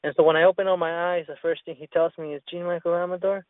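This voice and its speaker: A man's voice: fairly high pitch, flat delivery, quick pace, dry recording. A man telling a rambling story in casual chat, with lots of profanity and restarts. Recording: tinny phone-line sound.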